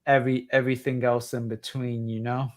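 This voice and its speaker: A man's voice: mid-range voice, little pitch movement, brisk, a little mellow. Tired New York man hosting a livestream; rambling, filler-heavy casual chat. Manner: rambling, many fillers and restarts. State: tired, late at night. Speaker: livestream host.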